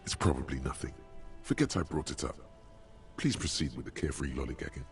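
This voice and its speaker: A man's voice: very deep voice, animated, brisk. A man voicing a wry, ominous inner voice narrating a detective game. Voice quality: gravelly, dry and wry. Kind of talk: scripted narration. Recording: game audio over music.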